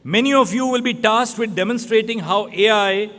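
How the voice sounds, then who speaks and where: A man giving a formal prepared speech in measured, deliberate phrases. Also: sits high, fairly bright tone, in a large hall.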